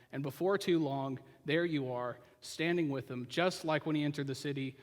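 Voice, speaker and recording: A male pastor preaching a sermon, retelling the story as if the listener were there and dropping to quiet asides. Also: a little high, moderate pace, hardly any pauses. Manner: storytelling, puts the listener into the scene. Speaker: senior pastor. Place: church sanctuary. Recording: reverberant church hall.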